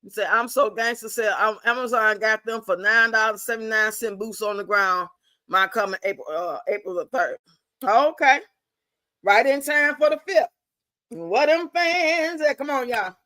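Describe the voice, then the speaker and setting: A talkative female livestream host answers viewer comments bluntly, swearing constantly. Her voice is bright, forceful, and fairly high, delivered at normal speed. The recording is close and dry, with no room sound at all.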